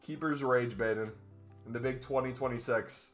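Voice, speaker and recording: A male streamer chatting during a live game stream on his microphone, excitable and joking. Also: medium pitch, normal speed, soft background music. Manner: excitable and joking, with whoops and laughs.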